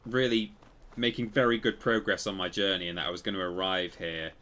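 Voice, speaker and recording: Man, very deep voice, streaming a game, chatty, meandering, stops and restarts. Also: fairly even intonation, fairly quick, bright, forceful tone. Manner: rambling, self-correcting storyteller. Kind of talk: casual live-stream commentary.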